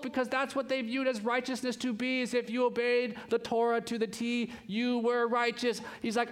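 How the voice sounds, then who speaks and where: Young man preaching, fairly high voice, animated, chatty asides. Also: normal speed, hardly any pauses, clean tone. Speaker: pastor. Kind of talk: sermon.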